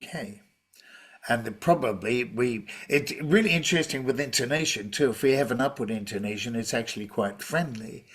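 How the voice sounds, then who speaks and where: A man running an online teaching workshop over a video call, easygoing and chatty. His voice sits at an ordinary middle pitch, and he often stops to restart a sentence with "uh" and "um". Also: brisk, breathy edge. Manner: relaxed, chatty, with many fillers and restarts. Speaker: teacher trainer presenting a webinar.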